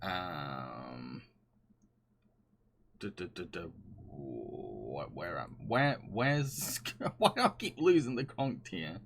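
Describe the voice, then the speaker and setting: A man's voice: deep voice, big pitch swings, drawn-out words, vocal fry, noisy background. A man streaming live, chatting casually and reading viewer comments, often laughing and gushing with frequent restarts.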